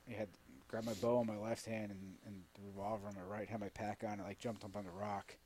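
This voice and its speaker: Laughing, animated male storyteller. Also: fairly low pitch, fast, slightly rough. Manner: animated, laughing, swears freely. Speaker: podcast guest. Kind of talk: casual storytelling. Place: studio.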